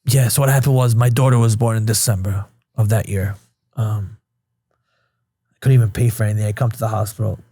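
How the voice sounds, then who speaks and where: A man from Queens in his thirties speaks in a low, mellow and slightly husky voice. He talks bluntly, swears often and replays old conversations line by line. The sound is close and dry, with no room around it. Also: steady tone, a little fast, no echo. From Queens, New York. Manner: blunt, swears freely, retells scenes with quoted dialogue. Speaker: podcast guest. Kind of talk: candid casual storytelling.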